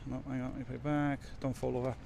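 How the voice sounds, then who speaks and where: Chatty trucker, faint outdoor noise. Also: male voice, medium pitch, little pitch movement, fast talker, gravelly, mellow. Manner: chatty, rambling, self-mocking. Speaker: truck driver vlogger. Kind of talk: casual chat while working. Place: outdoors at a loading yard in rain.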